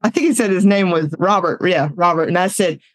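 A woman, telling personal stories in casual talk, animated and laughing often as she acts out the voices in her story. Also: fairly low pitch, a little fast, no room sound. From Southern United States.

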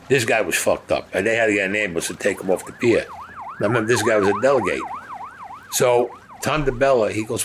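Low-voiced man telling a profane story. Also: fast talker, a little hiss or hum. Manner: profane, blunt street storytelling. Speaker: interviewee. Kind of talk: recounting a personal story.

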